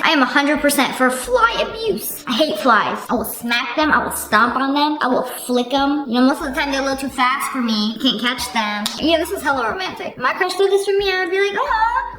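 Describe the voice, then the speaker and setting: Woman host, high and very animated delivery, sarcastic reaction commentary. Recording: roomy echo with faint music.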